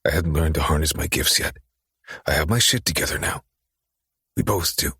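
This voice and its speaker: A man voicing a cunning, possessive young man with quiet dark menace, speaking slowly and in a controlled way for an audiobook. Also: extremely low pitch, breathy edge, dry recording, studio quality, full character voice. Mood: intense. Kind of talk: audiobook character reading.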